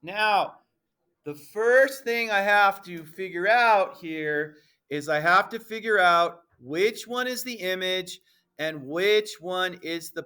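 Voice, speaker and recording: A man teaching a middle school math class, playful and emphatic, addressing the students as ladies and gentlemen and checking often that everyone understands. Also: high-pitched, clear, resonant tone.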